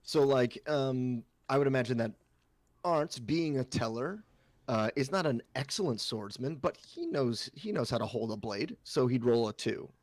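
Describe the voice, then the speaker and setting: A man's voice: mid-range voice, animated, normal speed, dry recording. Man chatting loosely about a tabletop game, dry sound. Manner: loose, rambling, many fillers and restarts. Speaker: co-host and player.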